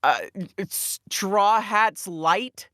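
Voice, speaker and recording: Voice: very slow, dry recording, clean studio sound. Wry young podcast co-host. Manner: wry, dips into deadpan low-voiced asides. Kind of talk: casual chat.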